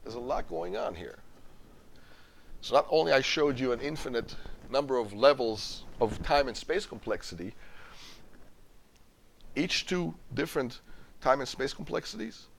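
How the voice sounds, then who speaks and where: A man's voice: mid-range voice, animated, measured pace, creaky, pauses often. Emphatic male professor lecturing a class. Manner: emphatic, repeats and restarts words, quizzes the class. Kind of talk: university lecture. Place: lecture hall.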